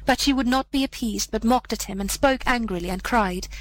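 Female narrator, slightly high voice, measured fairy-tale reading. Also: rough recording. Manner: measured, gentle storytelling with character voices. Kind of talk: storybook reading.

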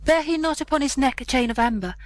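A woman's voice: sits high, fast, natural voice. A woman voicing a ragged, wandering beggar mother in a storybook reading, pleading and tearful.

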